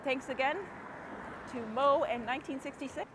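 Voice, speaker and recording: A woman with a slightly high voice chats to her viewers as she walks a city street at night, greeting them by name and laughing easily. She is recorded on a handheld phone outdoors, with steady traffic and street noise behind her. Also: normal speed. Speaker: live-stream host. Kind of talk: casual live walking stream.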